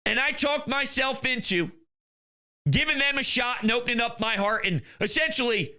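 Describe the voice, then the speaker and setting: A man delivers a heated sports rant in a strikingly high voice with a hard, cutting edge. He scolds critics in a exasperated way. He lurches between shouting and muttering under his breath. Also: normal speed. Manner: ranting, exasperated, insults critics; swings between loud outbursts and muttering. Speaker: sports commentator.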